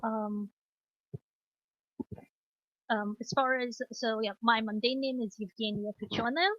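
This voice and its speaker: A woman's voice: a little high, unhurried, no echo. Woman with a Moscow Russian accent. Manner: relaxed, many filler ums and restarts. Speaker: class instructor. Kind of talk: online class teaching. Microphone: computer mic on a video call. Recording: dull lo-fi video call audio.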